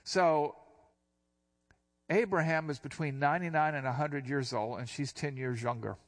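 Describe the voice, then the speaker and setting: A middle-aged or older man, a pastor, gives an expository Bible teaching in a conversational way, with casual asides and slow, deliberate reading of scripture passages. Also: fairly high pitch, steady tone.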